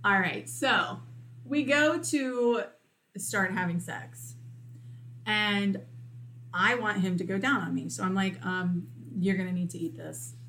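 A woman telling a candid personal story in casual chat, animated and acting out what people said. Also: medium pitch, slow pace, a little hiss or hum. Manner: candid, animated, acts out quotes.

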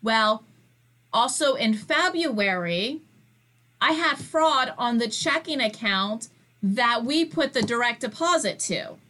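Woman co-host: somewhat high, bright voice, casual and chatty, tells her own story with exasperation. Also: animated, slow pace.

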